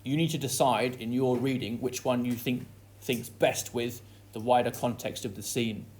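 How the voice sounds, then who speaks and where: A man's voice: medium pitch, steady tone, moderate pace, a little mellow. A man teaching a lesson that analyses a play, reading quoted lines aloud with dramatic stress before explaining them. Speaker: English literature teacher.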